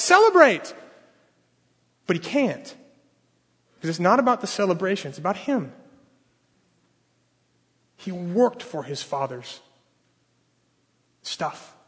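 Animated male preacher in a hall. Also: very high voice, husky. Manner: animated storytelling, acting out characters' lines. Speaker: pastor. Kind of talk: sermon. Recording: reverberant hall.

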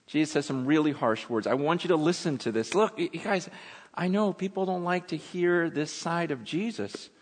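Male pastor, dramatic sermon delivery, slightly high voice, big reverberant church hall. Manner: dramatic storytelling, swinging from loud urgency to hushed intensity.

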